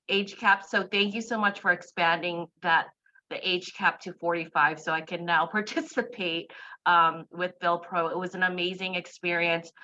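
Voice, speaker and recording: A woman's voice: on the low side, sharp tone, lo-fi sound. A woman speaking as a candidate in an online meeting, upbeat and reflective, with many fillers. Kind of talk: virtual meeting speech.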